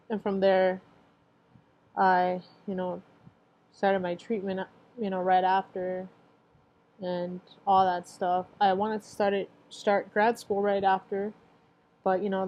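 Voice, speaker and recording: Speaking in a mellow, mid-range voice with the highs cut off, this twenty-something woman tells her cancer survival story. It's a casual personal testimony, rambling and packed with filler phrases, with emotional moments here and there.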